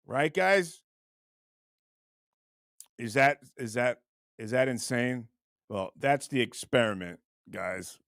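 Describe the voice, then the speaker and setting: A man's voice: mid-range voice, expressive, slow pace, long pauses, fairly bright tone, no room sound, studio quality. A man hosting a show, riffing through comic bits in casual chat and laughing often. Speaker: host.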